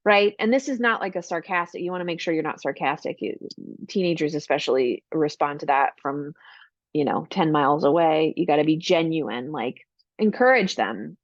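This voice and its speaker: A woman's voice: sits low, moderate pace, dry recording, dull audio. A woman giving an online parenting workshop in a casual, chatty way, full of "like" and "right?", acting out encouraging lines for parents. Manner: acts out warm parent lines in a brighter voice.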